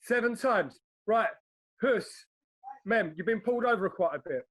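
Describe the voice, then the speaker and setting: A man, hosting a podcast and leading a casual chat with quick, blunt questions and swearing. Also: high voice, expressive, crowd noise. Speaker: podcast host.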